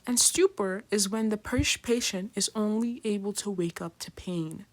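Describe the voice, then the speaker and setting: A woman's voice: medium pitch, moderate pace. Chatty woman giving a casual lecture. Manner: chatty, filler-heavy, keeps asking "right?"; acts out patients in slangy voices. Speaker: nursing lecturer.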